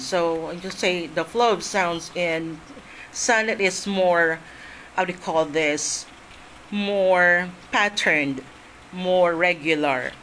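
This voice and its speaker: A woman's voice: fairly low pitch, a bit bright, slight background noise, low-quality recording. A woman from the Philippines giving a classroom lecture on poetry, explaining step by step and repeating her points, with frequent fillers.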